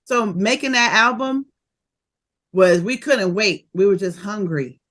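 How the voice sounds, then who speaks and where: A woman, a rapper telling stories of her early career in a casual interview, animated and quick to laugh. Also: medium pitch. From Oakland, California. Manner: animated and laughing, fast bursts of memories.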